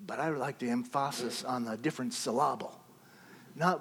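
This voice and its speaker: A man preaching a sermon as a pastor, swinging between loud exclaiming and hushed whispers. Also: mid-range voice, normal speed, gravelly, slightly rough, long reverb tail.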